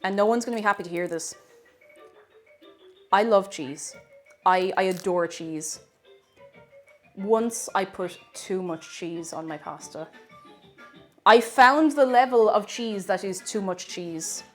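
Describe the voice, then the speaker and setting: A woman's voice: medium pitch, slow, long pauses, faint music behind. A young woman with a Tipperary Irish accent, chatting casually with her livestream chat while she cooks, giggling and greeting viewers. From Tipperary, Ireland. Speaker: cooking streamer.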